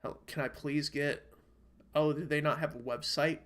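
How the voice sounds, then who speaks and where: A young American man with a fairly high, steady voice at normal speed, a bit bright in tone, co-hosts a casual podcast over an online call mic. He rambles and swears, worked up as he rants about bad food.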